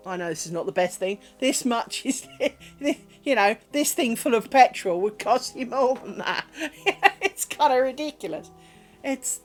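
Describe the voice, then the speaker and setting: A middle-aged British woman streaming from home, chatting casually while she crafts, rambling along with dry humour and plenty of swearing. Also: on the high side.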